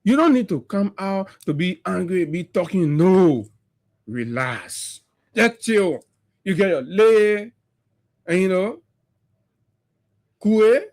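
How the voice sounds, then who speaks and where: A man's voice: on the high side, darkish tone. A man with a Liberian English accent, hosting a radio morning show and giving impassioned, mocking political commentary full of rhetorical questions.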